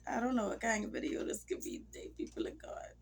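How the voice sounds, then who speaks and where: Talking fast in a fairly high, creaky voice, a woman vlogs into her phone or camera mic, with a little hiss or hum on the track. Sick with a cold, she rambles emotionally and casually, now and then sinking to almost a whisper.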